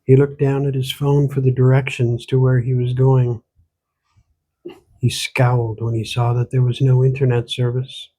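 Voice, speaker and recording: Man, author reading his own novel, audiobook narration, steady measured pace. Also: mid-range voice, breathy edge.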